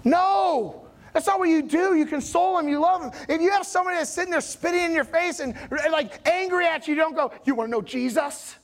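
A man preaching a conversational sermon as pastor in a church, keeping a chatty, animated tone and often checking that his congregation follows along. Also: extremely high pitch, a little fast, hardly any pauses. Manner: animated, rising emphasis on key points.

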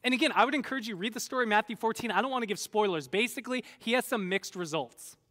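Animated preacher in an echoing hall. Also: male voice, high-pitched, quick pace. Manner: animated storyteller, acts out voices of biblical figures. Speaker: pastor. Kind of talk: sermon.

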